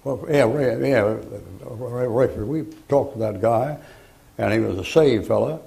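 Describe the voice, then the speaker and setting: An older preacher delivers a folksy sermon full of jokes and acted-out stories. His voice is dark and gravelly, and it sounds like a live church recording. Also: medium pitch, unhurried.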